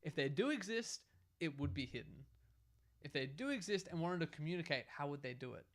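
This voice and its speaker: A young man, co-hosting a casual podcast chat and arguing his theory in an animated way. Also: fairly high pitch, brisk. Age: young adult. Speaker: podcast co-host.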